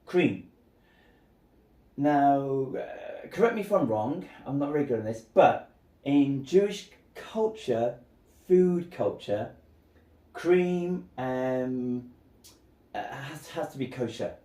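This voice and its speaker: A man's voice: mid-range voice, expressive, slow pace, dark tone. A man in casual commentary, chatting through a movie scene with lots of fillers. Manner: chatty retelling, many fillers. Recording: roomy echo.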